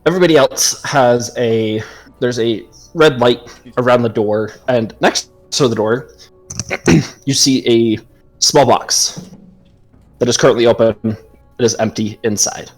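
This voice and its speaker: Relaxed male game master narrating. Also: medium pitch, a little slow, soft background music. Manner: relaxed descriptive narration with frequent ums.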